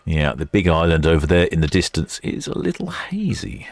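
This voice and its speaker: An Englishman chats casually on a live ship-watching stream, reading out viewer comments while ships leave port, filmed at a quayside port camera station. He has a deep voice with huge pitch swings at normal speed, and there's no echo.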